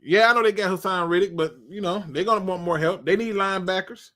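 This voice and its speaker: A man hosting a live football draft stream, talking in a joking, animated, colloquial way. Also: high voice, quick pace. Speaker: sports show host.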